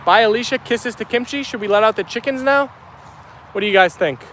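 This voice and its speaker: A man's voice: sits high, a little fast, fairly bright tone, slight background noise. A young man from New Jersey with a New York Italian accent, chatting casually while reading live-stream comments aloud, upbeat and full of fillers. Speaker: vlogger reading live chat.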